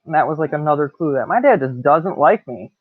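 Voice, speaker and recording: A woman's voice: low-pitched, animated, a little fast, no echo. A woman in her late thirties telling a personal story to camera, blunt and swearing a lot. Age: 30s. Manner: blunt, heavy swearing, laughs between lines. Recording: tinny dry phone-like sound.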